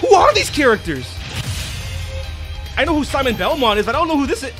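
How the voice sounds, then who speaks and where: High-voiced, excitable man reacting loudly. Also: a little fast. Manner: excitable, gasping and shouting in disbelief. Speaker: reaction video host. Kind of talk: excited live reaction commentary. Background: trailer music playing.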